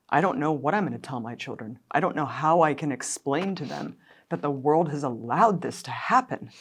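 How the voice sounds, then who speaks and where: A woman with a notably low voice speaks as an interview guest. She talks with fierce, indignant passion. Her emotion runs close to the surface and at times nears tears. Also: slightly rough. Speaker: guest, documentary filmmaker.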